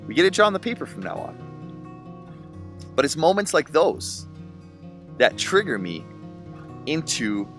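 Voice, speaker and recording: A young man talks earnestly about fatherhood and personal growth, in a warm, reflective, self-help way. His voice moves freely up and down in pitch. Faint guitar music plays softly behind him. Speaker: single dad vlogger. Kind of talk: reflective personal vlog monologue.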